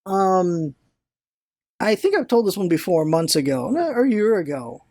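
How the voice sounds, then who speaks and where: A vlogger telling a long personal story in casual, rambling chat, animated, swearing now and then and stumbling over words when excited. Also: medium pitch, moderate pace, dry recording. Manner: animated storyteller, swears, retells own thoughts aloud; restarts and stammers when excited.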